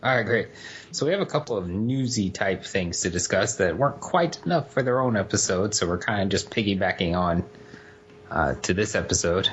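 A man's voice: sits low, lively intonation, a little fast, a bit bright, lo-fi sound. A man hosting a podcast chat, moving the talk along with light jokes. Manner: moderating, joking, moving topics along. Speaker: podcast host. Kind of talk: casual panel chat.

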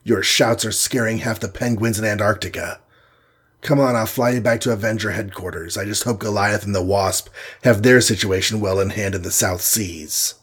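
A man's voice: lowish voice, steady tone, moderate pace, fairly bright tone, husky. A man reading as a firm, armored male superhero. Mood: calm. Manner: firm, level-headed.

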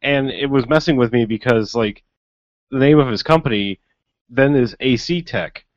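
A man's voice: medium pitch, normal speed, no room sound, dull audio. A man co-hosting a casual movie review chat, wry and bemused, often laughing. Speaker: podcast co-host.

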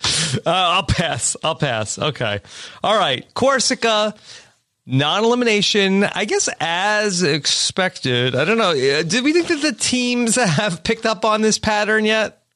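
A man's voice: high-pitched, animated, unhurried, bright, forceful tone, no room sound. A man hosting a casual podcast from his apartment, upbeat and bantering. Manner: upbeat, bantering, uses fillers. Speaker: podcast host. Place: home apartment.

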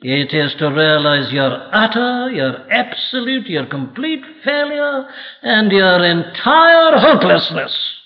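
Man preaching, emphatic and dramatic, pretty high voice, dull old recording in a big echoey hall. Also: very animated, slow pace. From Wales. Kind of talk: sermon.

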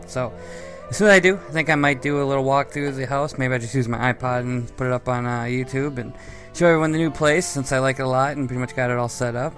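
Male co-host, loose rambling storyteller, middle pitch, faint music behind. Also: a bit bright. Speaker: podcast co-host. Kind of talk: casual podcast chat.

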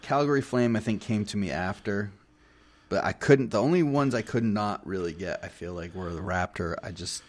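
A man with a notably low voice co-hosting a casual podcast. He speaks in a relaxed, easygoing way and often lets his sentences trail off. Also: normal speed. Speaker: podcast co-host. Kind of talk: casual chat.

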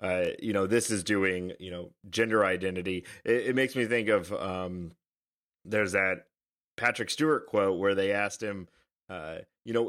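Low-voiced man musing on a podcast. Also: measured pace. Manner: relaxed, hesitant, with many ums and "you know". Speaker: podcast co-host. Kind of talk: casual podcast discussion.

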